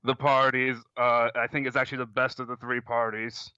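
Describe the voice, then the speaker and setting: A man with a bright, crisp voice talks loosely about a film, dropping frequent "um"s and laughing easily. His sound is dry and a bit dull in its top end. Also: medium pitch, flat delivery, fairly quick, no echo. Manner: laughs often, filler-heavy. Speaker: podcast co-host. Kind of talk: casual movie discussion.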